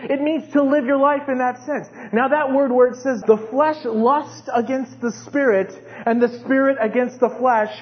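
A man with a strikingly high voice preaches an animated sermon. He sometimes acts out his own pleading prayers in a strained, even higher voice. The recording sounds dull and lo-fi. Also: moderate pace, hardly any pauses. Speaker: pastor.

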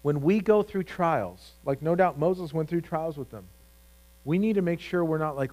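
A man's voice: on the high side, moderate pace, warm tone, rough recording. A man preaching a sermon as pastor, talking conversationally with frequent restarts and rising emphasis.

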